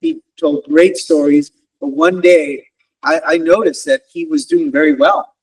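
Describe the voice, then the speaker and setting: A man with a slightly raised pitch gives a lively career talk to students, regularly checking in with "okay?" and "right?". He calls them "guys" and keeps them involved. His voice sounds distant from the microphone. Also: unhurried, vocal fry, slightly rough. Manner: addresses listeners as "guys". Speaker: guest career speaker, wealth advisor. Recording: distant mic on a virtual event.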